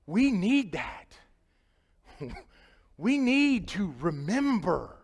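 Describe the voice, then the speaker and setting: Male preacher, Midwestern American accent, fairly high voice, echoing church hall, conversational sermon. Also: big pitch swings, very slow, pauses often, husky. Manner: conversational, swings from loud emphatic to quiet and low. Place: church sanctuary. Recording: live church sanctuary with long reverb.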